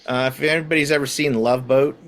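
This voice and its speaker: A man narrates as the game master of a tabletop game, halting often and using many fillers. His voice is medium-pitched, steady in tone, and a bit bright.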